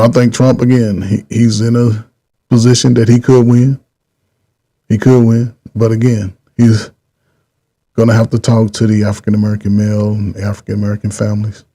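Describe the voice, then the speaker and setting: Middle-aged male host, husky and mellow, loose rambling commentary delivery. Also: fairly low pitch. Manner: rambling, repeats himself, drawn-out pauses. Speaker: channel host. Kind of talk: casual political commentary.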